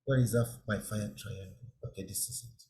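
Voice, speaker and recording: A man's voice: on the low side, fairly even intonation, a little fast, dark tone, a little hiss or hum. A man giving an online safety lecture, explaining step by step, repeating key words and checking that listeners understand. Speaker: safety trainer.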